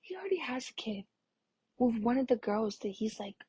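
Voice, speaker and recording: A woman's voice: a little high, animated, a little fast, warm tone, no room sound. A young adult woman telling a rambling storytime on her vlog, full of "like" fillers, sometimes dropping to a whisper. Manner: rambling, filler-heavy, lots of "like"; drops into a breathy whisper at times. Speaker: vlogger. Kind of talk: casual storytime.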